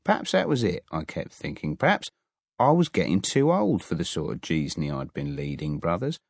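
Male audiobook narrator, wry first-person read, slow, dry booth. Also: on the low side, a little mellow, no room sound.

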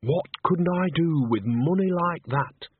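A man's voice: on the high side, animated, unhurried, breathy edge, pitched above the performer's own voice. A male reader voicing a cheerful, chatty old village witch woman who talks in a rustic folksy way and turns flustered and evasive. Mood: eager. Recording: dry tinny narrow-band audio.

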